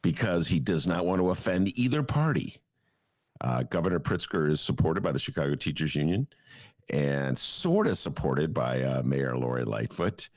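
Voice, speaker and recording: Gravelly, rambling middle-aged male host. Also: sing-song, normal speed, no room sound, studio quality. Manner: rambling, full of fillers and chuckles, given to sudden jumps in pitch. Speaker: podcast co-host. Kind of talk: casual chat.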